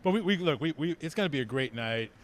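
A man talking as a team executive guest on a radio show, eager and prone to repeating words when excited. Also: on the high side, quick pace, a little hiss or hum. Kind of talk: casual radio chat.

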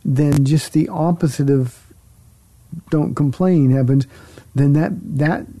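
Gravelly, dark-voiced pastor in chat. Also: male voice, fairly high pitch. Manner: measured and emphatic, with restarts. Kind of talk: casual faith talk.

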